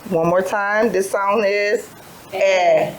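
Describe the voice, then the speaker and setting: A woman's voice: on the low side, unhurried, a little mellow, slight background noise, poor audio. A tired woman teaching a phonics lesson to young children, telling little stories with letter sounds in a patient sing-song way. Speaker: preschool teacher.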